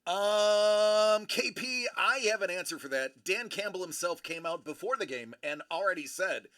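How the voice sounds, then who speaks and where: A man's voice: high voice, lively intonation, normal speed, fairly bright tone. A man hosting a livestream, chatting casually and playfully and answering viewers by name. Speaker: livestream host.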